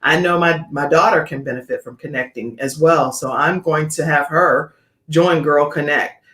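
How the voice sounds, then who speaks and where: A woman's voice: low-pitched, normal speed, a bit bright. A middle-aged woman hosting a talk show, effusive and praising, reading viewer comments aloud. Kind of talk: casual chat. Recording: echoey room.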